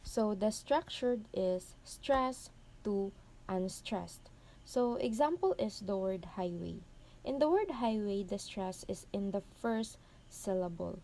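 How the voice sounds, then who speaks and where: A young woman giving a classroom report, slowly and carefully explaining poetry terms as she reads definitions aloud. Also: medium pitch, animated, warm tone, a little hiss or hum. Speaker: student presenter.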